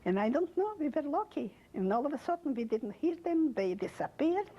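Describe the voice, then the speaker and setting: An older woman giving a halting oral history testimony in an interview, speaking in non-native phrasing and quoting the people in her story. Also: sits high, sing-song, dull audio.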